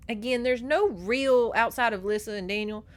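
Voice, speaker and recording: A woman podcast host recapping a novel in a casual, gossipy way, swearing freely and slipping into the characters' voices. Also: fairly high pitch. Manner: animated, profane, gossipy storytelling. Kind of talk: casual book recap with acted-out dialogue.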